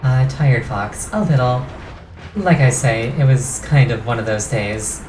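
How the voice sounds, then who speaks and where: Tired woman streaming a game, really deep voice, walks through the mechanics, echoey room. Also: a little slow, darkish tone, a little hiss or hum. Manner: explains game mechanics in detail. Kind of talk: gameplay commentary. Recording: roomy echo with game music.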